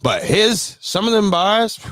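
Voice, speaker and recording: A man hosting a casual livestream chat, animated and laughing often as he talks. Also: sits high, slow, noisy background. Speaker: host.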